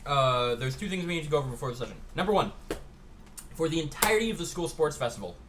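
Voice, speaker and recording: A man acting as game master, calmly laying out the rules to his players in a casual chat. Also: a little high, fast, background noise.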